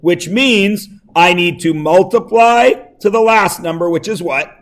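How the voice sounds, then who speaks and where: A man teaching a classroom math lesson, quizzing students with quick questions and joking asides. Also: sits high, fairly bright tone.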